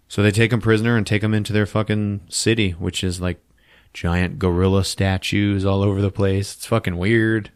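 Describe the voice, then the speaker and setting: Low-voiced guy swearing his way through a movie recap, dry podcast mic. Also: fairly quick, smooth, dry recording. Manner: profane, animated storytelling. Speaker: podcast host. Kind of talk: casual film recap.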